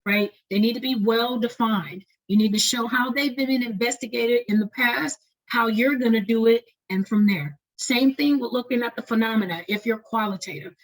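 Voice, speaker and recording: A woman leading an online lecture on doctoral writing, talking fast and often checking in with "right?". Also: fairly high pitch, rough recording. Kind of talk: webinar lecture.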